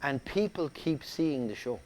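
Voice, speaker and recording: Middle-aged Irish actor, chatty guest, animated and rambling. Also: male voice, medium pitch, a little slow, slight background noise. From Ireland. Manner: animated storyteller, many restarts. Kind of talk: casual interview chat.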